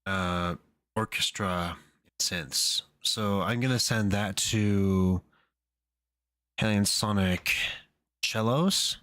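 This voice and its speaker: A man's voice: on the low side, slow pace, pauses often, a bit bright, no echo, clean studio sound. A man casually thinking aloud to himself as he composes music on a stream, hesitant and muttering. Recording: music playing faintly behind.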